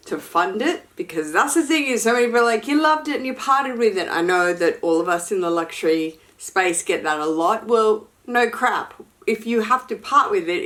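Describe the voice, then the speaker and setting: Frank, chatty woman vlogger. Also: mid-range voice. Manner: frank, chatty, sassy asides. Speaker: luxury fashion vlogger. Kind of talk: casual unboxing chat to camera.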